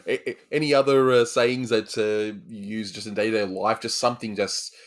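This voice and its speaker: Low-voiced halting podcast guest. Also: male voice, steady tone. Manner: halting, repeats words, laughs often. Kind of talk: casual podcast chat.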